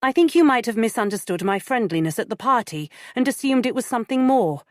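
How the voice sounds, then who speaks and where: A woman's voice: mid-range voice, animated, moderate pace, no room sound, studio quality, natural voice. A woman reading an audiobook, voicing a woman who speaks firmly and bluntly on the phone. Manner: firm and blunt. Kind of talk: audiobook character voice.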